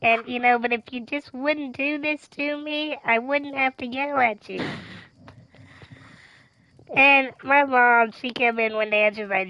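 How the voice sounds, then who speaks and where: A woman's voice: a little high, steady tone, normal speed, smooth. A woman streamer chatting casually, telling a long story in a rambling, emphatic way and swearing freely. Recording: dull lo-fi mic.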